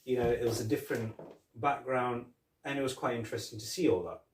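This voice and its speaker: A man's voice: medium pitch, steady tone, fast talker. A man co-hosting a podcast, casually chatting and retelling movie scenes with quoted lines and laughs. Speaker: podcast co-host. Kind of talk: casual chat. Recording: roomy, from a distance.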